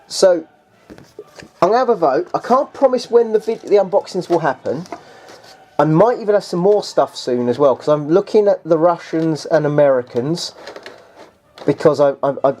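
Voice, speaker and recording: A man's voice: mid-range voice, mellow, a little hiss or hum. A man chatting casually through a tabletop game unboxing. He rambles and hesitates, restarts often, and keeps addressing the viewers as guys.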